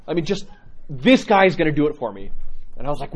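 A man preaching a conversational sermon as an Orthodox priest, telling stories and acting out quoted lines with animated swings. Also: fairly quick, highs cut off. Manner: animated storytelling, acts out quotes with rising pitch.

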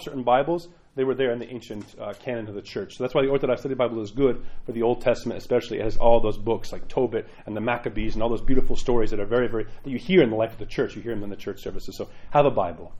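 A man's voice: medium pitch, a little mellow, muffled recording. A man, a parish priest, giving an informal sermon in a rambling, chatty way with frequent asides.

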